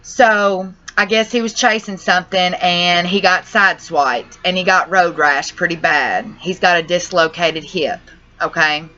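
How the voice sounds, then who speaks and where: A young woman speaks to her channel in an emotional personal vlog about a family crisis, rambling in distress, using "y'all" and cussing now and then. Her lowish voice is sharp in tone and a little slow, on dull lo-fi audio.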